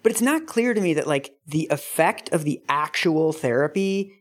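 Woman, podcast co-host, very low voice, blunt, analytical, casual. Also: expressive, normal speed. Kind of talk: casual chat.

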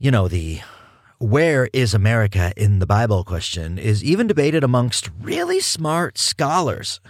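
A male podcast host teaching in a casual, animated way, stressing points with repeated words and laughing at himself. His voice sits in a middle register and sounds dry and close, with no room sound around it. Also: mid-range voice, measured pace, no echo. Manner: animated, self-mocking, emphatic repetition.

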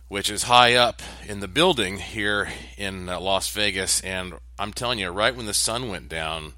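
A man's voice: on the low side, pushed and bright, no room sound. A man hosting his own daily video update, talking in a chatty, rambling way with many fillers and restarts. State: voice strained from overuse. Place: home condo in a high building.

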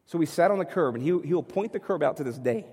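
A man's voice: on the high side, lively intonation, fast talker, a little mellow, husky, in a large hall. A man preaching a sermon as a pastor, telling a story conversationally and acting out his dialogue with his young son. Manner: conversational, with many restarts.

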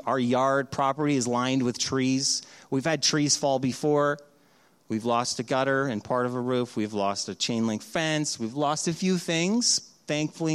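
A middle-aged man preaching a sermon as pastor, telling stories in an animated way and acting out the voices of the people in them. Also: mid-range voice, clean tone. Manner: animated storytelling, acts out voices in quotes.

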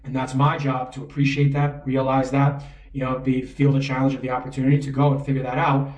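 A man's voice: medium pitch, completely flat delivery, brisk, a little mellow. A man coaching in a conversational way, often checking in with "right?". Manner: conversational, keeps asking "right?". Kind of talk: spoken coaching talk. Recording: roomy echo, mic at a distance.

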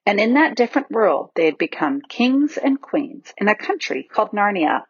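Woman reading a kids' book out loud, lots of ups and downs, husky, dull lo-fi sound. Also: medium pitch, big pitch swings, moderate pace, no echo. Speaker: audiobook reader. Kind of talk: storybook narration. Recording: dull lo-fi recording.

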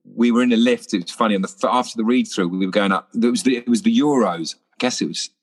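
A man, an actor guest chatting casually and telling lively stories, acting out the voices of others. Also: lowish voice, quick pace. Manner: lively storyteller, acts out voices. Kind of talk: casual anecdotal chat.

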